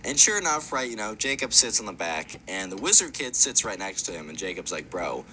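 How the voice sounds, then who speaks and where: A man's voice: on the low side, very animated, fairly quick, sharp tone, a little hiss or hum. A man casually telling a rambling story over gameplay, with lots of fillers.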